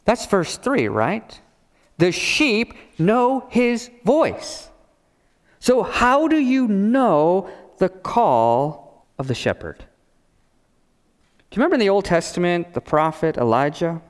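A man with a high voice preaches in an unhurried, storytelling way. He swings between loud, emphatic passages and hushed, quiet lines. His voice rings in a hall with a long reverb. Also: sing-song. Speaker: pastor. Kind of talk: sermon.

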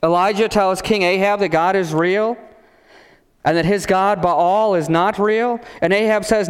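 Man preacher, high voice, slow delivery, dramatic loud-to-soft swings, reverberant hall. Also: fairly even intonation, clean tone. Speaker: pastor. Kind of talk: sermon.

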